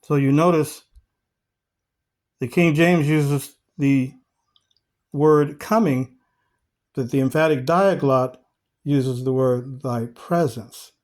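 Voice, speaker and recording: Rhetorical questions punctuate this man's Bible study as he reads scripture slowly and deliberately to listeners he calls family. His voice is mid-range with a darkish tone.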